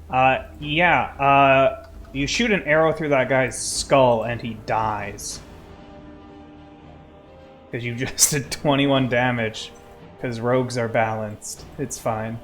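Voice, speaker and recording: A male game master guides the players through a tabletop game in a slow, easygoing manner. His voice sits at an ordinary middle pitch and he uses a lot of fillers. Faint music plays behind him. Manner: relaxed, filler-heavy explaining.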